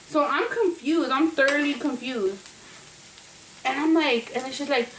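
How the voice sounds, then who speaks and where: Woman, casual rambling storyteller, swears a lot, fairly high voice, roomy kitchen sound, faint background noise. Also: fairly quick. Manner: chatty, profane, rambling with many fillers. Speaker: vlogger. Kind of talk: casual storytelling while cooking. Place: home kitchen. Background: food frying and sizzling.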